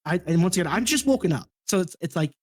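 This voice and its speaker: A man's voice: high voice, lively intonation, fast, slightly rough. A man in his thirties, a podcast guest, telling a rambling story with many restarts and chuckles. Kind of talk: casual storytelling chat.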